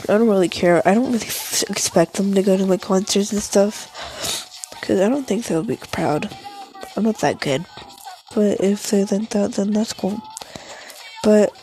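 A woman's voice: mid-range voice, mellow, a little hiss or hum, low-quality recording. A teenage girl telling a rambling, casual story, full of fillers and swearing.

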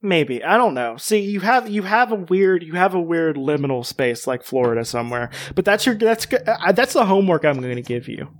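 A man's voice: high-pitched, expressive, fairly quick, few pauses, no room sound, clean studio sound. A man hosting a podcast, chatting casually and jokingly with lots of fillers. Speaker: podcast host. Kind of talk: casual chat.

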